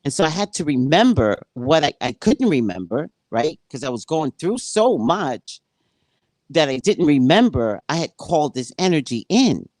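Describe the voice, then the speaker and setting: A woman who works as a psychic, reading from a spiritual book and commenting on it, acting out dialogue like an animated storyteller. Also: low-pitched, moderate pace, dry recording.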